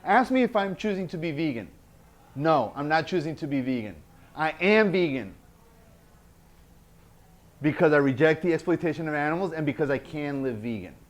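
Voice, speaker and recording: A man's voice: on the high side, animated, normal speed, long pauses. A man presenting a workshop indoors, earnest, repeating key phrases and checking in with the group. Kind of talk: teaching a workshop. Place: indoor event space.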